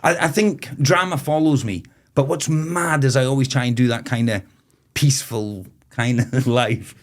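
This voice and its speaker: A man of about forty from Moray, in Scotland, guesting on a podcast as a festival owner. He tells long, rambling stories, swears freely and breaks into quick laughs. His voice sits at an ordinary middle pitch for a man. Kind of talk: casual podcast chat.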